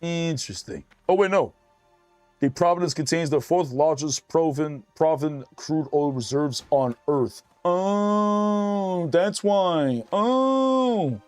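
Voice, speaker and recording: A man streams a game and chats loosely with his viewers, swearing freely as he reads their messages aloud. His voice sits a little high, and soft game music plays underneath. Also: measured pace, dry recording. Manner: loose, profane, chatty, reads chat aloud. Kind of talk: casual gaming stream chat.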